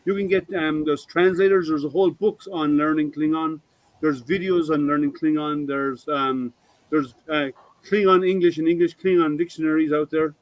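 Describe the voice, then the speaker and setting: A man's voice: fairly high pitch, fairly even intonation, normal speed, dry recording, highs cut off. Rambling man hosting a maker chat. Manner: rambling, full of ums and restarts. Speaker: host of a maker hangout. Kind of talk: casual chat.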